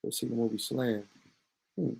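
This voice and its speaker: A man's voice: medium pitch, steady tone, normal speed, creaky, a little mellow, breathy edge. A man delivering a heated commentary rant as a vlogger, talking in a profane, emphatic and indignant way.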